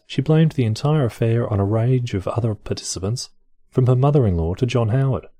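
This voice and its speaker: A man's voice: mid-range voice, mellow, dry recording. A man hosting a show where he reads encyclopedia articles aloud, breaking off into dry, wry and mildly profane comedic asides. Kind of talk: casual reading with offhand comedic asides.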